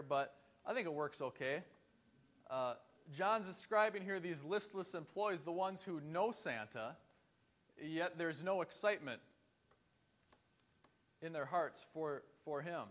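A man's voice: fairly high pitch, normal speed, a bit bright. A man preaching a sermon in a church, earnest and conversational, asking his listeners rhetorical questions. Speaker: pastor.

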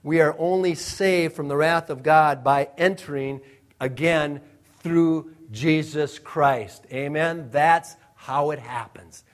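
A man's voice: fairly high pitch, steady tone, takes it slowly. A man preaching a sermon as pastor, emphatic and repeating phrases for effect.

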